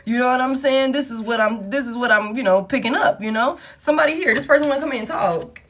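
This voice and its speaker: A woman's voice: high-pitched, fast talker, a little hiss or hum. A woman giving a casual tarot reading, talking bluntly with lots of swearing and frequent laughter. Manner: blunt, profane, animated, laughs often. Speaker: tarot reader.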